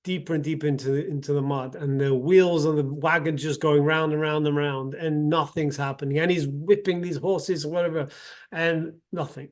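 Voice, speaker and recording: A man's voice: on the high side, fairly even intonation, normal speed. Earnest man telling a parable. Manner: earnest, with many restarts and repeated words. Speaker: self-development practitioner. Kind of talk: motivational storytelling talk.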